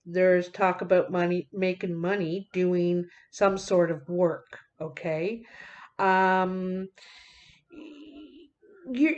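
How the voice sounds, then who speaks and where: A woman's voice: medium pitch, darkish tone, lo-fi sound. A woman giving a card reading to her viewers, talking in a folksy, direct way with many fillers. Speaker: card reader.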